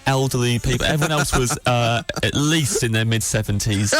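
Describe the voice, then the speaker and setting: A man's voice: medium pitch, normal speed, no echo, faint music behind. A man hosting a podcast, telling a long anecdote in a rambling, self-deprecating way with many restarts. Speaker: podcast host.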